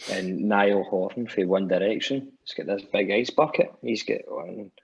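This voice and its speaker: A man's voice: fairly low pitch, moderate pace, creaky, breathy edge. A Scottish man, a musician guest, telling stories in casual chat, swearing freely and restarting often. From Scotland. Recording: dull lo-fi podcast audio.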